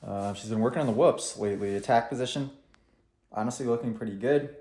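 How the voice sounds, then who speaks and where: A man talking casually in a vlog, coaching a young rider and then musing in a relaxed, reflective way in his backyard. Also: mid-range voice, quick pace, slightly rough, no echo, poor audio. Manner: coaching calls to a child rider; hushed, almost whispering. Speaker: vlogger and motocross coach. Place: outdoors at home, backyard.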